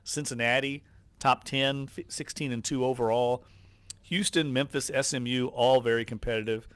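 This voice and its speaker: A man's voice: medium pitch, fairly even intonation, moderate pace, a bit bright, clean tone, no echo. A man with a New Orleans accent co-hosting sports radio, opinionated and exasperated as he argues his points.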